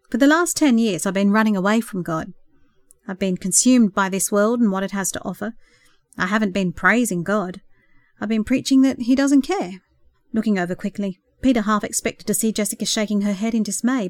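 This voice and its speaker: A woman reading a novel aloud in a gentle, expressive storytelling voice, softly acting out the dialogue. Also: mid-range voice, dry recording, clean studio sound. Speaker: audiobook narrator. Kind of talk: scripted narration.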